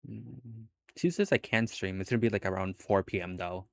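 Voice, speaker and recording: A man's voice: lowish voice, normal speed, creaky, dry recording, studio quality. A young adult man streaming from home, chatting casually with his viewers in a laid-back way, laughing often and swearing now and then. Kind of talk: casual chat with live viewers.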